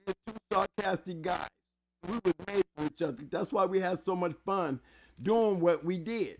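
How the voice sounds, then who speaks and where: An excitable man hosts a casual interview with a rough, gravelly voice pitched a little high. He gets loud when worked up and stumbles over repeated words. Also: moderate pace, soft background music. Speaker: talk show host. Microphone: handheld mic held close.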